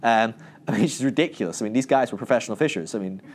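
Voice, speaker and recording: Speaking very fast in a mid-range voice, with a little hiss or hum behind him, a Christian teacher keeps his Bible teaching casual and humorous. He's animated and jokey, acting out quotations in raised voices.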